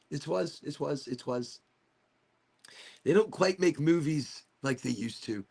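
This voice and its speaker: A man's voice: on the high side, unhurried, creaky. A man hosting a casual livestream chat, rambling from topic to topic and losing his thread. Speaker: host of a livestream talk show.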